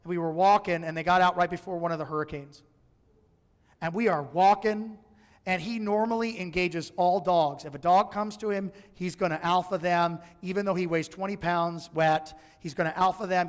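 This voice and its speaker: A pastor in a church sanctuary preaches to his congregation in a conversational, humorous way, acting out the voices in his stories. His voice sits high with a steady tone and a moderate pace. The clip is from a church live stream with long hall reverb.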